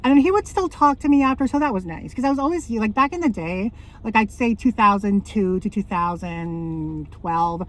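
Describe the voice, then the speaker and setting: A woman's voice: mid-range voice, animated, normal speed. Woman, thirties, casual vlog chat, rambling storyteller, frequent laughs. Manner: rambling, self-correcting, laughs often. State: out of breath. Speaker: vlogger.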